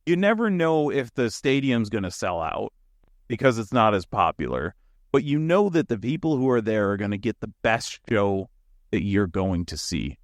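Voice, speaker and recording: A man's voice: lowish voice, sing-song, moderate pace, dry recording, studio quality. A man co-hosting a podcast in casual chat, talking with enthusiasm, rambling a little and often laughing. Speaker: podcast co-host.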